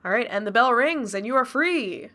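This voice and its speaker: A woman's voice: fairly high pitch, lively intonation, moderate pace, fairly bright tone. A woman narrating as game master in a casual tabletop role-play, chatty and often laughing. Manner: laughing, chatty, lots of fillers.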